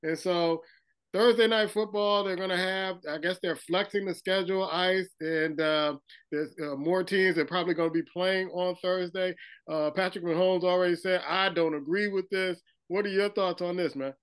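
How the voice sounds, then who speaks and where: A male radio host with a fairly high, smooth and resonant voice. He sets up each sports story in a relaxed way and hands it to his panel. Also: normal speed. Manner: relaxed, sets up topics and asks questions. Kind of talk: sports talk radio hosting.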